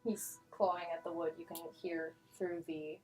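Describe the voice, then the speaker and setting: A woman narrating a tabletop game as game master, self-mocking and quick to laugh. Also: fairly low pitch, fairly even intonation, a little mellow, faint music behind, rough recording.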